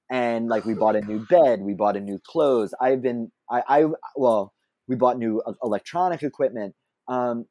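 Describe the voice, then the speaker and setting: A man with a mellow, warm voice tells a personal story as a guest, chatty and self-deprecating. He laughs often and keeps breaking off into asides and fillers. The sound is dry and close. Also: medium pitch, no room sound. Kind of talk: casual anecdotal storytelling.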